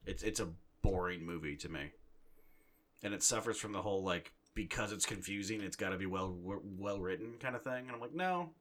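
A man's voice: low-pitched, brisk, a bit bright, slight background noise. A young man co-hosting a podcast, ranting in casual chat and swearing constantly. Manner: profane, ranting. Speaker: podcast co-host.

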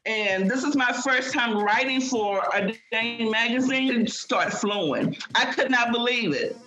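A woman's voice: on the high side, lively intonation, measured pace, sharp tone, reverberant, faint music behind, low-quality recording. A woman minister giving a fervent, grateful testimonial. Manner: fervent, religious. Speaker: minister and first-time writer.

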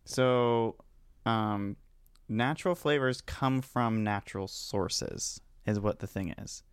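A man's voice: fairly low pitch, slow, clear, resonant tone, dry recording, studio quality. A man co-hosting a casual chat, explaining facts and teasing the others. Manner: explains things in a teasing, matter-of-fact way.

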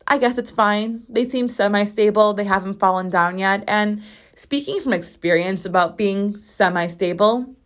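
A young woman hosting a weekly show, telling a story in a casual, animated and sarcastic way, full of rambling asides. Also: medium pitch. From United States. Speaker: podcast host.

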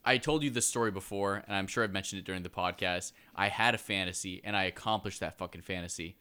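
A man's voice: deep voice, bright, forceful tone, clean tone. A young man co-hosting a podcast, brash and cursing a lot in crude banter. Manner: brash, swears a lot, fast. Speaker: podcast co-host.

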